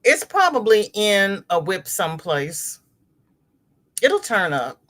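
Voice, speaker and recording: A middle-aged woman hosting a crochet livestream, chatting casually with viewers and reading their comments aloud, chatty and expressive, with sudden exclamations. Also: medium pitch, takes it slowly.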